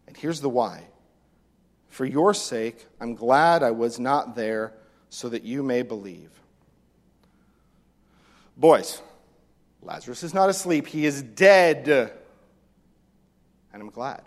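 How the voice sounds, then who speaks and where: A man preaching a sermon as pastor, animated, acting out voices from the text. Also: on the high side, normal speed. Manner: animated, acts out the disciples' lines. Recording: long reverb of a hall.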